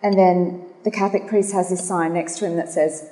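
A woman's voice: on the low side, fairly even intonation, brisk, mellow. A woman giving a religious talk with a spoken prayer, earnest and a little nervous, with many fillers. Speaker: guest speaker. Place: hall. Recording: echoey hall.

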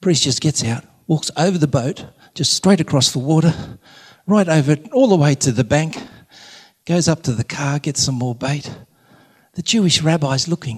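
A man's voice: fairly high pitch, normal speed, breathy edge. Man talking in a big reverberant hall. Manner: relaxed storyteller, jokey. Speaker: Catholic speaker. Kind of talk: live faith talk to an audience.

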